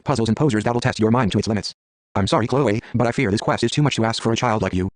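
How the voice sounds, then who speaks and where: A man's voice: on the low side, very fast, no room sound, lightly acted. A man voicing a proud, stern female tree spirit who scolds in a haughty way.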